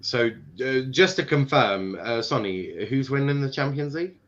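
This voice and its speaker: A man from Ireland hosts a casual football stream, teasing his co-hosts and laughing between halting, filler-heavy remarks. His voice sits mid-range and comes through dull, lo-fi stream audio. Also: medium pitch, animated, a bit bright. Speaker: host. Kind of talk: casual podcast chat.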